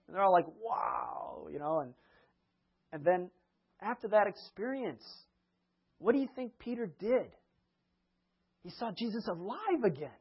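A man preaching a sermon, retelling Bible stories in a lively way, often laughing and acting out the quotes. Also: high-pitched, breathy edge, dull audio.

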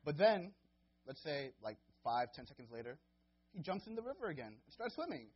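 A young man preaching a casual sermon as a guest preacher, with many fillers and restarts, getting loud and high when he acts out scenes. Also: very animated, brisk, slightly rough, lo-fi sound.

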